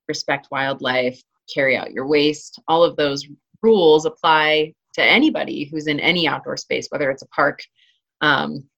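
Low-voiced chatty woman hiker. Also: creaky, a bit bright, lo-fi sound. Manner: chatty, many fillers and restarts. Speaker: interview guest, hiker and trail runner. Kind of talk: casual interview talk.

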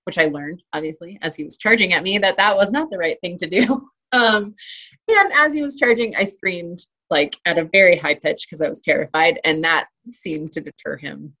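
A woman's voice: fairly low pitch, normal speed, bright, forceful tone. A woman talking casually in an interview about hiking and trail running, chatty, with many fillers and restarts. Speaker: interview guest, hiker and trail runner.

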